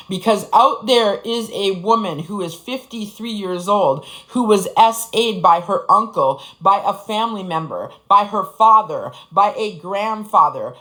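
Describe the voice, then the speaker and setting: A woman from Upper Michigan tells her own story in plain, casual talk, cursing freely and calling her listeners "bestie". Her voice is bright and forceful. She talks to her audience directly and bluntly. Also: medium pitch, rough recording. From Upper Michigan, United States. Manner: blunt and profane, often addresses listeners as "bestie".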